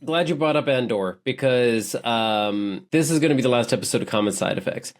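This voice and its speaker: A man's voice: mid-range voice, lively intonation, a little fast. Jokey male review show co-host. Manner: jokey, rambling, loose. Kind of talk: casual review chat.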